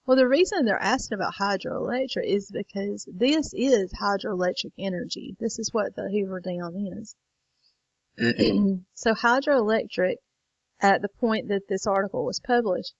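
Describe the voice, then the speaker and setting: A woman's voice: mid-range voice, moderate pace, creaky, no echo, highs cut off. A woman teacher walking students through a lesson late in the evening, tired and yawning. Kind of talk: recorded lesson walkthrough.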